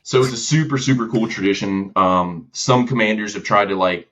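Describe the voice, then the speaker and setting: A man telling a story as a podcast guest, with a relaxed, slangy manner and many fillers. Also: lowish voice, moderate pace. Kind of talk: casual storytelling. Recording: dull lo-fi audio.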